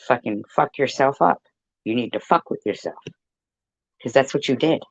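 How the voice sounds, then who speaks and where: A man delivering a profane, taunting rant straight to the camera, slow and deliberate. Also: mid-range voice, creaky, dry recording, highs cut off.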